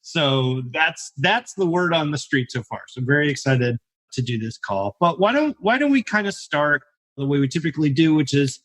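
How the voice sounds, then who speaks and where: Male podcast host, upbeat, chatty, slightly high voice. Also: lively intonation, normal speed, a bit bright. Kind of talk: casual interview conversation.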